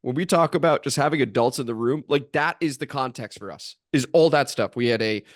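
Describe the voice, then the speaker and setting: A man's voice: mid-range voice, brisk, no room sound, clean studio sound. A man co-hosting a casual sports podcast in an easygoing way, laughing often. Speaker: podcast co-host.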